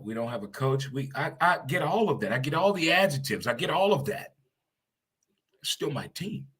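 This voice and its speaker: A middle-aged man hosting a casual talk show, animated and quick to laugh, swearing casually. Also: mid-range voice. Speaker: show host.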